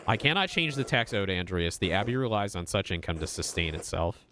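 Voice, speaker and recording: A man's voice: low-pitched, sing-song, a little fast, pushed and bright, a little hiss or hum, heavily acted. A man reading as a stern older priest. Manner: firm, refusing.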